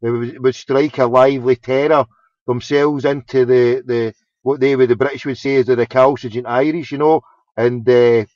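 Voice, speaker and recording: A man's voice: medium pitch, fairly even intonation, moderate pace, a little mellow, no echo. A man chatting casually, rambling and swearing, with many restarts. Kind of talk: casual chat. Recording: dull lo-fi sound.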